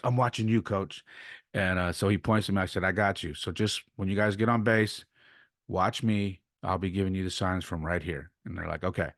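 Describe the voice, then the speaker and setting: Low-voiced man telling a story. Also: no echo, studio quality. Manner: animated retelling, acts out quoted exchanges. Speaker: podcast host and youth baseball coach. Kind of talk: casual storytelling monologue.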